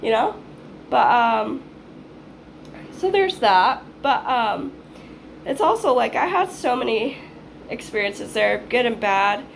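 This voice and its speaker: A woman in her twenties talks straight to her viewers in a loose, rambling storytime. Her voice sits a little high, she swears freely and slips into acting out her own past lines. A faint hiss of background noise runs under the recording. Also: big pitch swings, takes it slowly, gravelly, long pauses. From Hawaii. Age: 20s. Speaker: vlogger. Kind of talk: casual storytime monologue.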